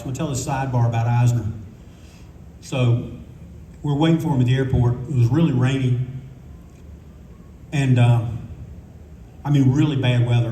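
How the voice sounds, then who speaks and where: A man's voice: medium pitch, dark tone, recorded from a distance, a little hiss or hum. An older man telling rambling, candid stories on a convention panel, swearing freely as he goes. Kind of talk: casual anecdotal storytelling. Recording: echoey room recording from afar.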